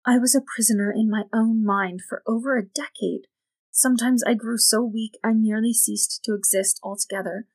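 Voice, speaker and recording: A woman voicing a grave older woman who was once possessed, speaking in slow, grim warnings. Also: on the high side, steady tone, a little mellow, dry recording.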